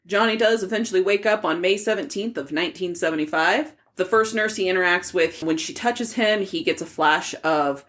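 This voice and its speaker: A woman's voice: fairly low pitch, fairly quick, few pauses, fairly bright tone. A young woman co-hosting a casual book podcast, recapping chapters in a chatty way with plenty of "like" fillers and casual swearing. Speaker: podcast co-host.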